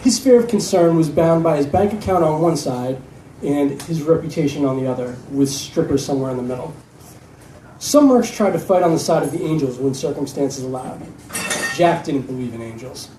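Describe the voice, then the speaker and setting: A man, an author, narrating his own novel at a live reading event in a steady storytelling manner. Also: on the high side, moderate pace, a little hiss or hum. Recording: echoey room from a distance.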